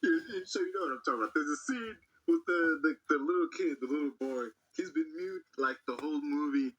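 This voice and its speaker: A young man chatting as a podcast guest, telling a story in an animated, profane, laughing way. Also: a little high, quick pace, dull audio. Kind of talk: casual chat.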